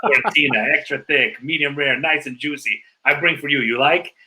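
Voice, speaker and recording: A suave, self-assured Italian waiter, put on by a man relishes every word in short, clipped phrases. The voice sits a touch higher than an ordinary speaking voice and has a bright, forceful edge. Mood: suave, proud. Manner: slow, savoring, clipped broken phrases. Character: suave Italian male waiter, confident and charming.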